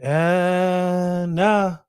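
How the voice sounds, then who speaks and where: A man hosts a podcast, reading out headlines in casual chat and laughing easily. His voice is notably high. The recording is dry, with no room sound. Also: level tone, extremely slow, clean tone, no echo. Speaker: podcast host.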